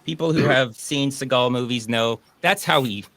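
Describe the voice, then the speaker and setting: A man's voice: mid-range voice, normal speed, a bit bright, no echo. Man, casual host, sarcastic jokes, dry close sound. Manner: joking, sarcastic. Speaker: podcast host. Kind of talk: casual chat.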